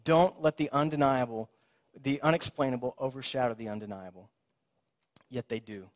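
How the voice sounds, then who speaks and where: A man's voice: mid-range voice, moderate pace. A man preaching a sermon in a conversational way, acting out the figures in the story with sarcastic emphasis. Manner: animated, acts out the voices in the story with sarcastic emphasis; conversational, self-described as a bit of a smart aleck. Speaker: pastor.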